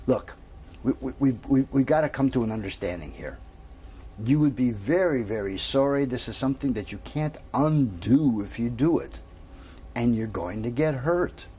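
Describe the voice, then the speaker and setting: A man's voice: mid-range voice, lively intonation, normal speed, warm tone, close to an everyday voice. A man voicing a worried male psychiatrist who coaxes his patient, in a told joke. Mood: fretful. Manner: worried, coaxing. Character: fretful middle-aged male psychiatrist.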